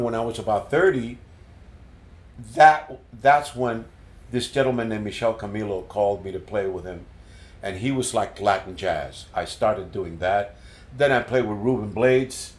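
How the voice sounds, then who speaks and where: An older man being interviewed as a musician, telling stories in an animated way and repeating words as he recalls them. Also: fairly low pitch. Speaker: guest musician. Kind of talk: casual storytelling interview. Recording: roomy echo.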